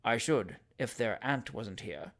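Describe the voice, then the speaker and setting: A reader voicing a bland, gallant gentleman who answers in smooth, hushed politeness, in an audiobook of a classic novel. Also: medium pitch, fast, lightly acted. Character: bland, gallant middle-aged gentleman flirt.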